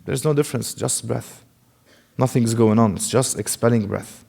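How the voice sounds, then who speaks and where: Guy giving a tajweed lesson, asks a question then answers it, drags out the arabic sounds to show them, mid pitch. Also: creaky, dark tone. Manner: explains step by step, demonstrates Arabic sounds slowly. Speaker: Quran recitation teacher. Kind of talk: classroom lecture.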